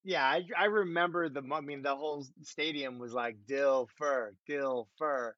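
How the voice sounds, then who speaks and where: A middle-aged man with a somewhat high voice recalls his playing days, teasing himself and laughing easily. The recording is muffled and dull, with a close, dead-dry sound. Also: fairly quick, bright, forceful tone, no room sound. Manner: self-deprecating, laughing storyteller. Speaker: former pro quarterback. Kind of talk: casual conversation.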